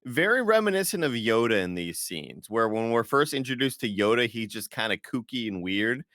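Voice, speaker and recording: Male co-host, mid pitch, dry sound, rambling storyteller who quotes scenes. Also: big pitch swings, moderate pace, a bit bright, no room sound. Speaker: podcast co-host. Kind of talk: casual chat.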